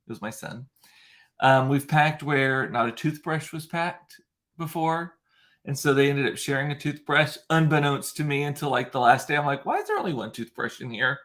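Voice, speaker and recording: A man's voice: on the high side, steady tone, moderate pace, fairly bright tone. Chatty man vlogging from home. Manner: chatty, wry, sarcastic asides. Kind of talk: casual chat to camera. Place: at home, indoors.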